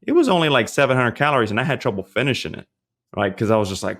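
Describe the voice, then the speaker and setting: A man, a pastor and fitness trainer, talking as a podcast guest and giving casual nutrition advice in a relaxed, chatty way, often checking in with "you know what I mean?". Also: medium pitch, rapid-fire. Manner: relaxed, chatty, frequent fillers and rhetorical checks.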